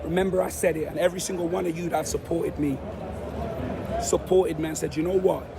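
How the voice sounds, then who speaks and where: A hoarse young man with a London accent, vlogging loudly and boastfully to a phone camera after a football win. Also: on the high side, steady tone, a little fast. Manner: loud, boastful street-slang banter. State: hoarse, voice nearly gone. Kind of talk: excited fan vlog to camera. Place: crowded street outside a stadium. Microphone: handheld phone camera. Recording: noisy crowded street. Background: crowd of fans.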